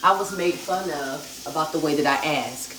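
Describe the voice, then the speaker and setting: Hosting a live cooking stream from her home kitchen, a woman chats directly with viewers as she cooks, her voice sitting low at a moderate pace. The phone camera is far off, so the echoey room carries background noise and the sizzle of frying food.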